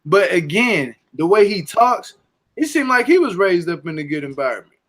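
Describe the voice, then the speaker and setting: A man hosts a laid-back show chat, and his voice sits high for a man. He talks with emphasis and animation, pressing his points home. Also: moderate pace. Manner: animated, emphatic, leans on "to be honest". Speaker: podcast host. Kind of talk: casual chat recapping a reality show.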